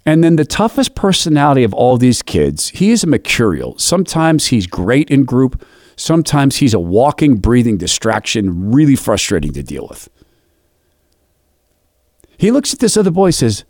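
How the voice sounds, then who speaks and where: A man's voice: medium pitch, normal speed, no room sound, clean studio sound. A man leading a youth Bible study, telling a story in a reflective, devotional way and acting out the dialogue. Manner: animated, acts out quoted dialogue.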